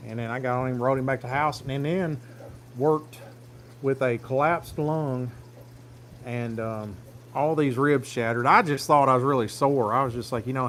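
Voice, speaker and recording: A man's voice: mid-range voice, fairly even intonation, moderate pace, a bit bright, slight background noise. A man, telling a rambling, plain-spoken farm story on a phone livestream. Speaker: farm vlogger. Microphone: phone camera.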